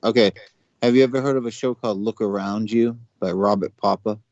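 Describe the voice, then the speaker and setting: Deep-voiced rambling man on a call. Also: fairly even intonation, brisk, darkish tone, no echo, lo-fi sound. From United States. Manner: rambling, many fillers and restarts. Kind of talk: casual chat.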